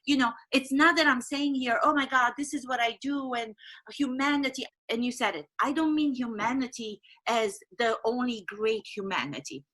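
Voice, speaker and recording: A woman's voice: fairly high pitch, normal speed, fairly bright tone. A woman hosting an interview as an acting coach, speaking earnestly and reflectively. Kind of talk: interview conversation.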